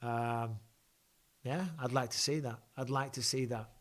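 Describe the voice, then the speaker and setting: His medium-pitched voice is flat and a little slow as this man hosts a live fan Q&A and reaction chat. Stuffed up with a blocked nose, he keeps things chatty and off-the-cuff, with restarts and asides.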